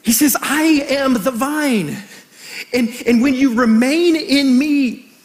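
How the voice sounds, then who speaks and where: A middle-aged man preaching a sermon as pastor, animated and storytelling, joking with the congregation. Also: very high-pitched, takes it slowly.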